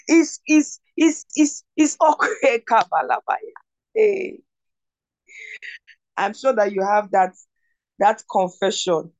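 A woman preaches a devotional sermon in a high, unhurried voice. She repeats declarations over and over and breaks into shouted glories. The sound is dry and close. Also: sing-song, no echo. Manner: repetitive declarations, bursts into shouts of glory.

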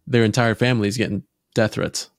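A man with a New Jersey accent co-hosting a podcast, rambling with halting restarts in casual banter. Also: fairly low pitch, steady tone, vocal fry, no echo, clean studio sound. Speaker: podcast co-host.

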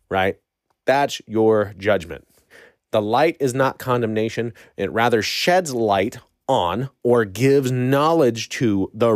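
A man's voice: fairly low pitch, dry recording, studio quality. A man teaching a Bible study in an earnest, conversational way, often repeating phrases for emphasis and checking in with "right?". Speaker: preacher.

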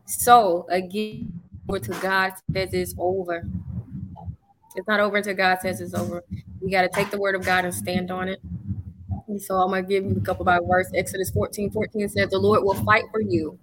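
A woman's voice: mid-range voice, flat delivery, moderate pace, fairly bright tone, rough recording. A woman who hosts a faith talk show, speaking with an emphatic preaching cadence and repeating her phrases for weight. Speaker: prophetess and show host.

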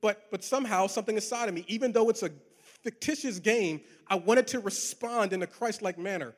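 Animated high-voiced man preaching in a hall. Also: a little fast. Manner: animated, playful, talks to the crowd, repeats words. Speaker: pastor. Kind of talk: sermon with personal stories. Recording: long hall reverb.

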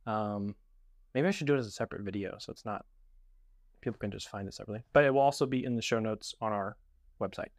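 Man, podcast host, lowish voice, laid-back chat, dry sound. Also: quick pace, no room sound. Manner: laid-back, conversational, uses "like" often. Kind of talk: casual podcast interview.

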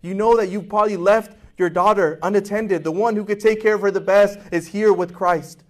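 A man's voice: high-pitched, fairly even intonation, brisk. A male pastor preaching a sermon with passion, acting out voices in quotes and asking his congregation questions.

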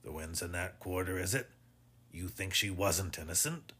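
A man voicing an old sea captain, uneasy and stiff, quick to grumble. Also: low voice, bright, forceful tone, slightly rough, full character voice. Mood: gruff. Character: old male sea captain, cautious and easily irritated.

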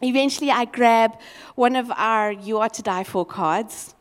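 A woman preaching a sermon as a lively, expressive storyteller. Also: on the high side, measured pace, clean tone, in a large hall.

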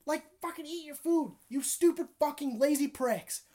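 Young woman, co-host, profane animated storyteller, slightly high voice. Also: normal speed. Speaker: podcast co-host. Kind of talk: casual chat.

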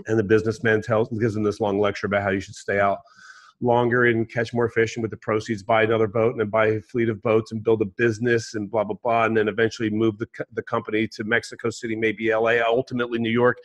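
A man hosting a conversation, telling a story in a casual, animated way. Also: fairly low pitch, fast, highs cut off.

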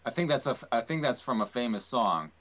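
A man in casual podcast chat, speaking in a halting way and restarting his sentences often. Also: mid-range voice, lively intonation, fairly bright tone. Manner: hesitant, halting, many restarts.

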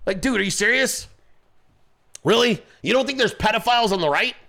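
A man's voice: high voice, animated, fairly quick, vocal fry, bright, forceful tone. A male host ranting in political commentary, profane and confrontational, who mocks people by voicing them. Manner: mocks people with quoted voices.

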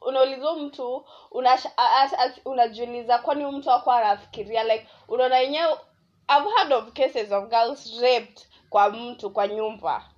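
A young Kenyan woman with a Kenyan accent hosting a casual solo podcast, rambling and animated as she tells a story. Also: on the high side, normal speed. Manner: rambling, animated, switching between English and Swahili slang. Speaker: podcast host. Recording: dull lo-fi audio.

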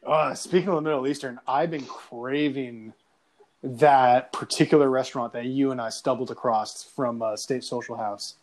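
A man's voice: mid-range voice, steady tone, moderate pace. A man chatting casually, rambling through stories, laughing often and slipping into impressions. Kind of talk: casual chat.

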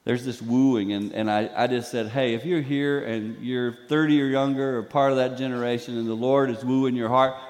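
An older man giving a sermon as a guest speaker in a church, telling stories in an animated way and acting out the voices he quotes. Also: medium pitch, normal speed, few pauses, big-room sound. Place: church sanctuary.

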